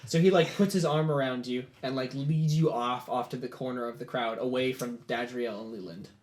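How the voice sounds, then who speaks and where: A man's voice: medium pitch, normal speed. Casual man narrating as game master. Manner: casual, many filler "like"s.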